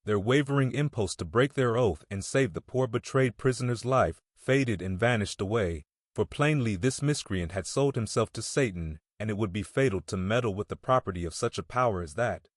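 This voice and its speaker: A man narrates a classic novel in a measured, steady way. His voice sits on the low side. The recording is dry and close, with no room sound. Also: no echo. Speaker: audiobook narrator. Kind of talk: scripted narration.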